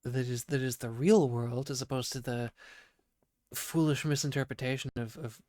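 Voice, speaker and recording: A man with a croaky voice from being sick, rambling through a profane casual monologue full of restarts, as a podcast host. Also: medium pitch, fairly even intonation, moderate pace, a little mellow, dry recording, studio quality. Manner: rambling, profane, self-interrupting.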